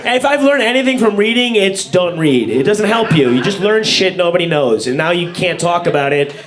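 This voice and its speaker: A man's voice: sits high, animated, brisk. A man performing a stand-up comedy set, ranting with sarcastic, incredulous, profane delivery. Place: comedy stage before a laughing audience. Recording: live room with loud crowd laughter.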